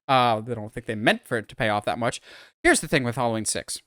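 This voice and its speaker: Smooth-voiced opinionated podcast man. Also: medium pitch, lively intonation, fast, fairly bright tone, dry recording, studio quality. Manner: opinionated, rambling film breakdown. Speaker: podcast co-host. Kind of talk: casual podcast chat.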